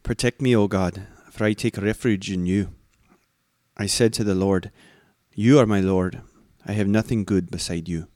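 Man doing a Scottish psalm reader, low voice, measured delivery, dry sound. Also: fairly even intonation, darkish tone, dry recording, natural voice. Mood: solemn. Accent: Scottish, put on. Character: man reading scripture in a Scottish accent.

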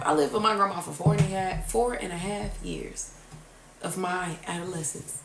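A woman's voice: on the low side, normal speed, creaky. A woman in her twenties hosting a casual podcast chat, telling a story animatedly with lots of swearing and acted-out outbursts. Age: 20s. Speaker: podcast host. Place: room at a kitchen table. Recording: roomy sound, from far off the mic, faint noise.

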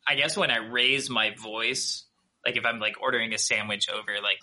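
A man with a Minnesotan accent, chatting as an interview guest in a relaxed, halting way. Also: lowish voice. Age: adult with a child. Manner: relaxed, halting, many fillers and restarts. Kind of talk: casual interview chat.

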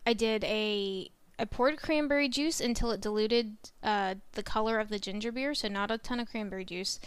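A woman's voice: mid-range voice, moderate pace, clear, resonant tone, dry recording. A married woman co-hosting a casual podcast, chatty and playful, joking about herself. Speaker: podcast co-host. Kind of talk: casual chat.

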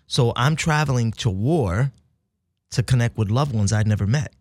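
An American man from the south side of Chicago, a military veteran, telling stories in an animated way as an interview guest. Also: mid-range voice, moderate pace, dry recording, clean studio sound. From United States (south side of Chicago). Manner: animated storyteller who swings from hushed to loud and laughing, says "y'all" and "baby". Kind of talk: casual storytelling conversation.

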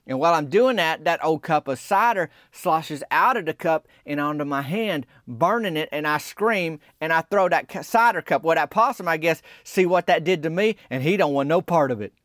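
A man telling a rambling, deadpan comic story in a conversational way. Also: fairly high pitch, moderate pace, hardly any pauses, no room sound, clean studio sound.

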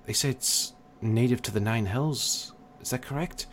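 A man voicing a weary older male high cleric, speaking gravely and softly. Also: normal speed, a little hiss or hum, natural voice.

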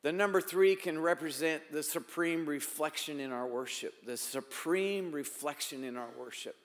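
Male pastor preaching, slightly high pitch, big swings from loud emphasis to soft asides, echoing church hall. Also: moderate pace. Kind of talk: sermon.

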